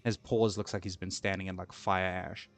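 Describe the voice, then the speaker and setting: A man's voice: low voice, flat delivery, normal speed, no echo, soft background music. A young man chatting casually while playing a game, rambling and easily distracted, self-deprecating. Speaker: gaming streamer.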